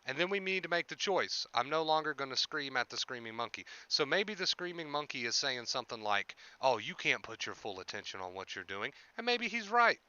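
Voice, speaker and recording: A man's voice: fairly high pitch, bright, forceful tone, clear, resonant tone, no room sound, muffled recording. A man coaching on anxiety during a live stream, speaking in an earnest, repetitive, reassuring way.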